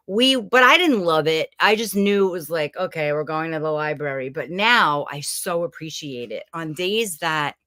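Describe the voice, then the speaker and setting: A woman's voice: on the low side, dry recording, studio quality. A middle-aged woman from Brooklyn, chatting casually and rambling a little as she hosts a motivational challenge from a room at home. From Brooklyn, New York. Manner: chatty, animated, rambling with asides. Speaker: host of a self-help challenge series. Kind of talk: casual motivational talk to camera.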